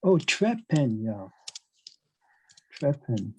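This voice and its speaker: Slow, hesitant male language teacher. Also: mid-range voice, sing-song, a little hiss or hum, rough recording. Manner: hesitant, many fillers and "you know"; asks learners questions, encouraging. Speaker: German teacher. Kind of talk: online language lesson.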